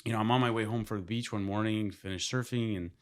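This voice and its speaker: A man from Canada, a podcast guest, telling stories in a loose, animated way with lots of laughing and swearing. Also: lowish voice, quick pace, clean tone. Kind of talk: casual podcast storytelling.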